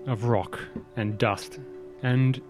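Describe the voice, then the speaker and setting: A man's voice: medium pitch, fairly even intonation, slow, darkish tone, soft background music. A man running a tabletop game as game master, narrating scenes steadily and chuckling at his players.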